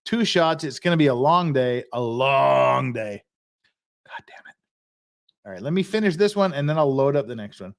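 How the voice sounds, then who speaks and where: A man's voice: mid-range voice, expressive, normal speed, gravelly. A man hosting a casual livestream, swearing a lot and rambling while he drinks and gets tipsy. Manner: profane, rambling, mocking. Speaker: livestream host.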